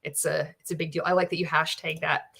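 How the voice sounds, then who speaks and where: Female livestream host, bright and forceful tone, candid, profane commentary. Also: low voice, a little fast, vocal fry, slightly rough. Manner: blunt, swears freely, reads out chat comments; candid and animated, laughs often.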